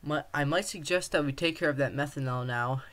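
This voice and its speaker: A friendly male rattlesnake speaks in a calm, explaining tone, as a man reading a story puts him on. His voice sits slightly high for a man. He sounds patient and matter-of-fact. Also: a little fast, natural voice. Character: friendly talking male rattlesnake granting wishes.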